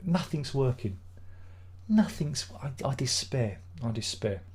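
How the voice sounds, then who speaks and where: Exasperated, husky man grumbling. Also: mid-range voice, big pitch swings, measured pace, a little mellow. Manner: exasperated grumbling, swearing, rambling. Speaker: live-stream host. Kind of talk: casual live-stream chat.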